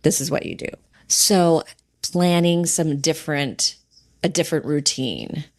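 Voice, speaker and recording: A woman podcast host and sobriety coach, talking gently and reassuringly in a conversational way, sometimes acting out inner thoughts. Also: low voice, lively intonation, unhurried.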